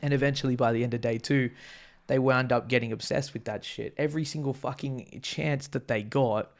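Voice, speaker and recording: Aussie male vlogger, gravelly voice, faint guitar music behind, casual and excitable, swears a lot. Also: medium pitch, brisk. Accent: Australian. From Australia. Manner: excitable, swears freely, laughs often. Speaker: vlog host. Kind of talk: casual concert recap.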